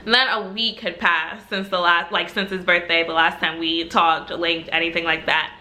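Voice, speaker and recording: Casting: young woman, bright forward voice, chatty storytime vlogger, animated and casual. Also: on the low side, normal speed, a little hiss or hum. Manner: chatty, animated, full of "like", laughs while telling.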